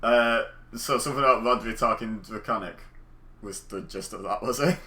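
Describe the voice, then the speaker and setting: A man playing a character in a tabletop game. He talks in character in a stammering, expressive way. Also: medium pitch, moderate pace. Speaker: player. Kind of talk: tabletop role-play chat.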